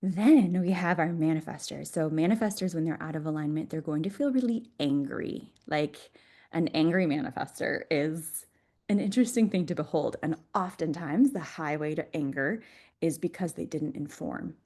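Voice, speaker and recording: Woman, podcast guest, deep voice, upbeat, talks freely and often laughs. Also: moderate pace, mellow. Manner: enthusiastic, laughs often while explaining. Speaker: podcast guest, Human Design mentor. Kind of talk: conversational podcast interview.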